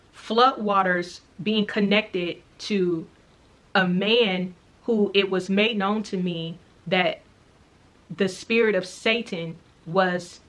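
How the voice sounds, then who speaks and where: A woman's voice: mid-range voice, a bit bright. Earnest woman recounting a dream. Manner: earnest, reflective, recounting slowly with repetitions. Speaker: faith vlogger sharing a dream. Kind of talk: casual spoken storytelling.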